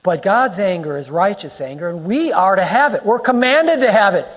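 A male pastor preaching a sermon, emphatic and repeating phrases for effect, rising to near-shouts. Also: high-pitched, expressive, moderate pace. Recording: long hall reverb.

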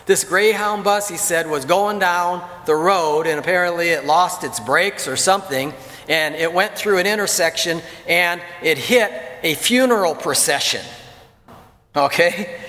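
A man's voice: high-pitched, fairly bright tone. A male pastor preaching a sermon in a church, telling stories in a conversational, folksy way. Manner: conversational storytelling, folksy asides. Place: church sanctuary. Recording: long reverb of a church hall.

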